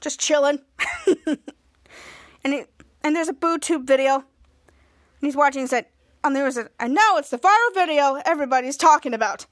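A woman's voice: high voice, moderate pace, pauses often. A woman hosting a podcast, retelling a TV episode in a rambling way with many restarts and acted-out quotes. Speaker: podcast host. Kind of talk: casual episode recap.

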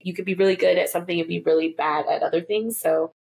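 A woman talking as a guest in a casual podcast chat, bubbly and jumping into high squeaky voices when she quotes people. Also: fairly even intonation, quick pace, vocal fry, a little mellow. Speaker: guest, people business partner.

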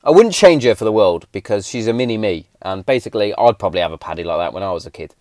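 A man's voice: fairly low pitch, lively intonation, fast talker, a little mellow, dry recording, studio quality. A man, hosting a casual podcast in a blunt, sweary, heated way. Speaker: podcast host.

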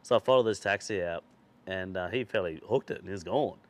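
A low-voiced man hosting a podcast talks fairly quickly, spinning a long, rambling anecdote in casual chat. He swears freely and laughs his way through his stories.

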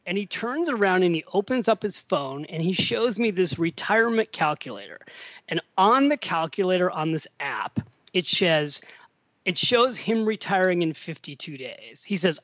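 A man's voice: sits high, fairly quick, dry recording, muffled recording. A middle-aged man, a podcast guest, telling a long story in casual conversation and acting out the voices of the people in it. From United States. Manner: animated storyteller, acts out quoted dialogue. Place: home in Italy.

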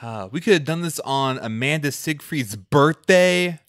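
Animated man with a lively voice. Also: a little high, a little slow, smooth, dry recording, clean studio sound. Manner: animated, emphatic, laughs often. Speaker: podcast co-host. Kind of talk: casual movie review chat.

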